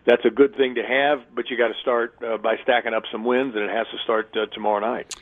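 A man's voice: medium pitch, flat delivery, brisk. Man on a tinny phone line. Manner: chatty, thorough, with many restarts and fillers. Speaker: radio play-by-play announcer, guest. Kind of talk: phone-in radio interview. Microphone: telephone.

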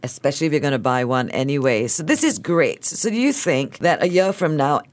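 Radio host, playful and teasing, mid pitch. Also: big pitch swings, a little fast. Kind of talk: casual radio chat.

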